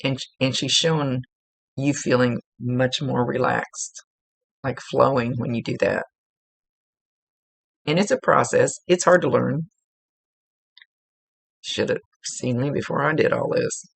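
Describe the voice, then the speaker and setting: Psychic medium, woman, earnest and chatty, gravelly voice, dry close sound. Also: rumbling low, fairly even intonation, measured pace, pauses often, no room sound. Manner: earnest, chatty, repeats for emphasis. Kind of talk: spirit reading, relaying messages.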